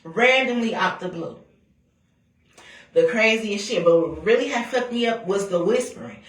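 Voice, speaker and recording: A woman telling a story about her own family, talking bluntly with lots of swearing and animated retelling. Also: mid-range voice, normal speed. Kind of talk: casual storytime rant. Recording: echoey room, voice a bit far from mic.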